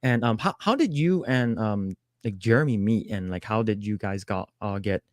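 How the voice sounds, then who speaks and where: A man hosting a livestream, asking a guest a question in a halting way with many fillers. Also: lowish voice, no room sound, studio quality. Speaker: livestream host. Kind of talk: interview question.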